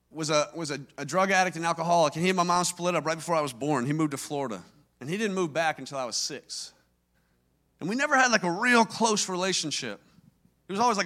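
A man's voice: fairly high pitch, expressive, a little fast, sharp tone. A man from Louisiana, preaching a sermon and telling his own story in an earnest, conversational way that grows emphatic. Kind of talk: personal testimony sermon.

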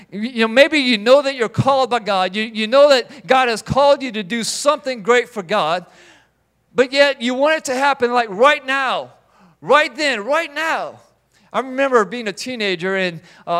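Male pastor, middle-aged, high voice, animated sermon delivery. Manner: animated, acts out biblical figures in quoted voices.

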